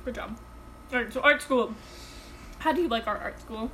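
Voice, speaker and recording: Bright-voiced rambling teen girl. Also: a little high, normal speed, slight background noise, poor audio. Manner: rambling, deadpan, swears often. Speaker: podcast co-host. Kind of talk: casual chat.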